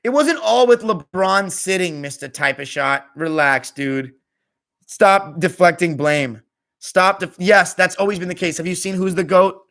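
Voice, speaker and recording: A young American man hosting a live stream, reading chat comments in a tired, offhand way and trailing off quietly at the ends of phrases. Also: high voice, expressive, normal speed, gravelly, few pauses.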